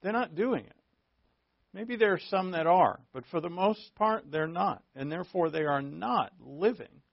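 Bible class teacher, man, conversational and repetitive, somewhat high-pitched, muffled close recording. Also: lively intonation, moderate pace, vocal fry, no echo. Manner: conversational, repetitive emphasis, frequent fillers. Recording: dull, dry, lo-fi recording.

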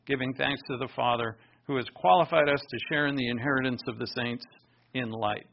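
A man preaching a sermon, stressing key words with sudden loud bursts and dropping into quiet asides. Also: medium pitch, brisk, gravelly, highs cut off. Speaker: pastor.

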